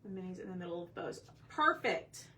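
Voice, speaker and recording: Casual craft host, woman, bright and forward tone, a bit off-mic with faint room hum. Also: on the low side, lively intonation, brisk, recorded from a distance. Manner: chatty, talks to viewers while working. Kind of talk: casual chat while painting.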